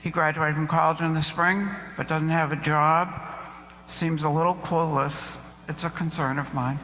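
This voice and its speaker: A man's voice: fairly high pitch, little pitch movement, moderate pace. An older man sharing a joy and a concern with his congregation in short, plain sentences. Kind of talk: spontaneous personal remarks. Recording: distant, reverberant church recording with faint room noise.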